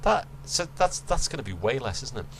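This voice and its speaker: A man's voice: mid-range voice, very animated, a little fast, gravelly, fairly bright tone, slight background noise. A male podcast host reading fan fiction aloud, laughing, swearing and stopping to mock the text.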